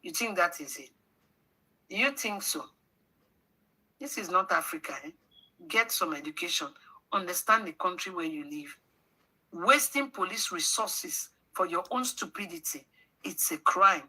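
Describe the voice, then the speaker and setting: A woman's voice: on the low side, lively intonation, a little slow, pauses often, pushed and bright, slightly rough, low-quality recording. A woman with a Nigerian accent hosting a livestream, scolding her audience with rhetorical questions and slipping into pidgin. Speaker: livestream host. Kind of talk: livestream commentary.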